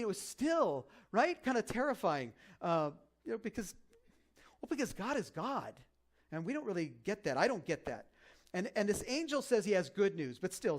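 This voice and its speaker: A man preaching a conversational sermon as pastor, joking and animated, with lots of fillers and restarts. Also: sits high.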